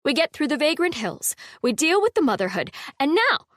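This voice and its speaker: A woman voicing an indignant, excitable young housekeeper in an audiobook, pitched high and alarmed. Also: brisk, no echo, studio quality. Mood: indignant frantic. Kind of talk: audiobook character voice.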